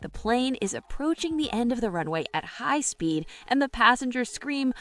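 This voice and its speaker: A woman's voice: fairly high pitch, animated, moderate pace, few pauses, fairly bright tone, faint music behind. A woman narrating jokes in a scripted, storytelling style, lifting her voice for quoted characters. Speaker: joke narrator.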